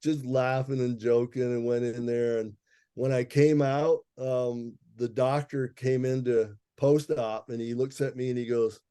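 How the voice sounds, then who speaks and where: A man's voice: medium pitch, flat delivery, a little slow, mellow, clear, resonant tone, dry recording, studio quality. A man, an herbalist guest, telling a personal story in a casual interview, laughing often and acting out the people he quotes.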